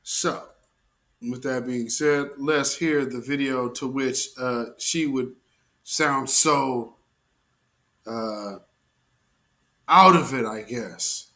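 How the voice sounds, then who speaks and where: A man's voice: medium pitch, pushed and bright. A man hosting an online show, giving casual, emphatic commentary straight to his viewers. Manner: drawn-out, emphatic, talks to viewers. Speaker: host.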